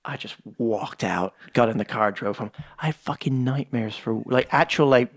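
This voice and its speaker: A man with an Irish accent, a podcast guest telling a story in casual talk, animated and swearing freely. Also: mid-range voice, moderate pace. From Ireland. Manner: animated, swears freely, acts out voices in his stories.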